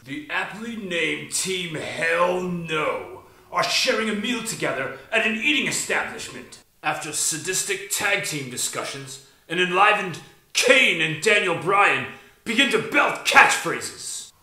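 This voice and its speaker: A man narrating a clip in a slow, grandiose, mock-formal way. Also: high voice, expressive, bright, forceful tone. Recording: echoey room.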